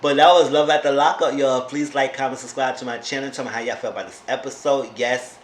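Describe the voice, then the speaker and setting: A man casually recapping a reality show episode in an animated way, often talking back to the people on it. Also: medium pitch, fast talker. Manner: animated, talks back to the characters. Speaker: YouTube reality-TV reviewer. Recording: roomy echo, faint background noise.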